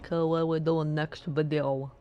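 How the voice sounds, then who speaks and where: A woman's voice: sits low, little pitch movement, a little slow, lo-fi sound, faint music behind. A woman streaming a video game, giving casual commentary with sardonic, muttered asides and swearing.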